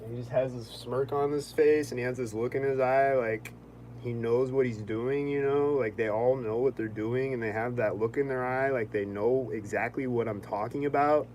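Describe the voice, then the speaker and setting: A man's voice: mid-range voice, fairly even intonation, a little mellow, a little hiss or hum, poor audio. Rambling man in a casual vlog. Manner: rambling, heavy on "like", quick-tempered. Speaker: vlogger.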